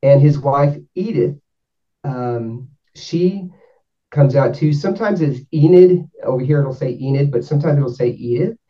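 A man's voice: mid-range voice, a little slow. A man from North Georgia, casually telling a rambling story and correcting himself as he goes. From North Georgia, USA. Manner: rambling, self-correcting, animated when quoting. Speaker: guest explaining spirit sessions. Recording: dull, distant from the mic.

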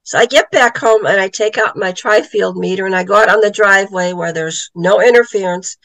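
A woman's voice: mid-range voice, brisk, creaky, a bit bright, no room sound, rough recording. A middle-aged woman, an author and psychic medium, telling a story in a casual interview and acting out the voices she quotes.

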